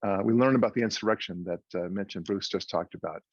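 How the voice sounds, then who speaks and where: A man's voice: low-pitched, fast talker, husky, no echo. A man giving a speech, telling a joke in a conversational, storytelling way. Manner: conversational storyteller, frequent restarts. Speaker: guest speaker. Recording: dull muffled dry audio.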